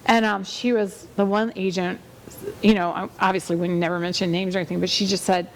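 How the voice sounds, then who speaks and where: Here the realtor's voice sits lowish, with fairly even intonation and a quick pace. She hosts her real estate show by telling rambling, conversational stories full of fillers and restarts.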